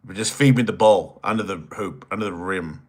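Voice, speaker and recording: A man's voice: deep voice, fairly quick, a little mellow, slight background noise. A man with an Australian accent, hosting a solo livestream, reading chat questions and answering in a crude, teasing, rambling way. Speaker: host.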